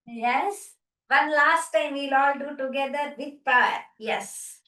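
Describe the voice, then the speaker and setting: Indian English woman, yoga instructor, slow and encouraging, slightly high voice, recorded from a distance. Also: sharp tone. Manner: upbeat, encouraging, cues exercises with bursts of laughter. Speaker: yoga and laughter therapy instructor. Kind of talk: guided group wellness session. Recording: distant from the mic.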